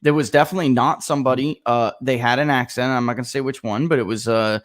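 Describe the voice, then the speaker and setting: A man in his thirties hosting a casual podcast, telling anecdotes in an animated way. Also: mid-range voice, fast talker. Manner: animated storyteller.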